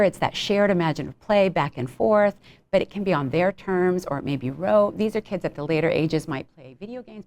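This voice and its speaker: A woman with a deep voice lectures clinically on child behavioral health, yet sounds relaxed and conversational, dropping frequent ums and briefly acting out examples.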